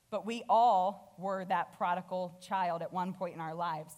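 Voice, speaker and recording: A woman guest speaker preaching a sermon, retelling a parable and acting out the characters' lines with lively energy. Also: medium pitch.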